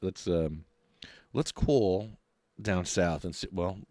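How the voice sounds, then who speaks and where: A middle-aged man, hosting a podcast and ranting in a mocking, animated way. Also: low-pitched, slow pace, no room sound, studio quality. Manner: animated, mocking, laughs often. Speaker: podcast host.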